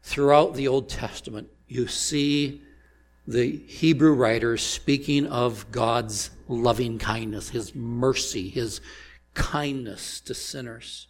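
Steady in tone and medium in pitch, a pastor works through his sermon slowly and deliberately. He asks his congregation rhetorical questions along the way.

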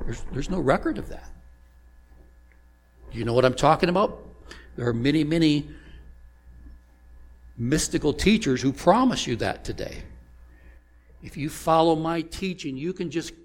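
A pastor preaches a sermon in a slightly high voice, slow and deliberate. He asks the congregation rhetorical questions.

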